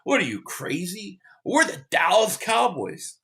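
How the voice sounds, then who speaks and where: A man mocking a smug, boastful football fan in a slow, indignant tone. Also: high voice, sing-song, sharp tone, heavily acted.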